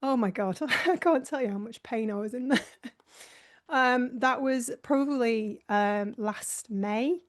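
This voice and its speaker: A woman's voice: fairly high pitch, a little slow. Chatty laughing woman hosting a slideshow. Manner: chatty and self-mocking, laughs often. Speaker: host presenting a slideshow. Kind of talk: casual live presentation.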